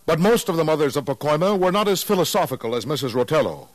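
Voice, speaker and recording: A man narrating a scripted radio documentary in a measured, solemn way. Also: a little high, big pitch swings, dry recording.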